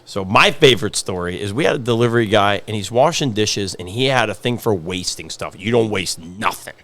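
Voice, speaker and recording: Fast-talking man in his forties. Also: fairly low pitch. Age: 40s. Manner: fast, animated, repeats phrases for emphasis. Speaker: podcast guest, pizzeria owner. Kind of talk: casual storytelling chat.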